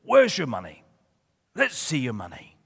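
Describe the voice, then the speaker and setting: A man's voice: high-pitched, huge pitch swings, moderate pace, creaky, a little mellow, long reverb tail, pitched above the performer's own voice, exaggerated voice. A man voicing a sly, grasping male weasel who sells a car, haggling in a wheedling way.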